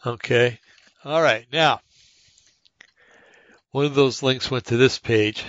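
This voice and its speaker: A man's voice: medium pitch, slow pace, a bit bright, no echo, dull audio. A man hosting a podcast, talking in a rambling casual monologue full of fillers and restarts as he reads articles aloud. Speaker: podcast host.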